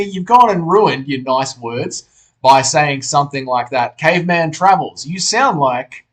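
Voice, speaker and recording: A young man with an Australian accent chats through a live stream at his computer, slightly high in pitch. His talk is loose and laid-back, full of banter and swearing as he answers chat. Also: fairly bright tone. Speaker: livestream host reading chat.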